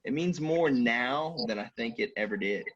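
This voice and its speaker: Heartfelt, halting man. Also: mid-range voice, expressive, fairly bright tone, highs cut off, slight background noise. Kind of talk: casual chat.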